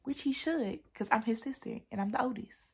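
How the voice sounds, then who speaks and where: A young woman chats through a storytime vlog from a desk at home, with a gravelly, husky edge to her voice. She talks in an animated, slangy, emphatic way and laughs a lot as she goes. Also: a little high, brisk. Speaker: vlogger. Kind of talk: casual storytime chat.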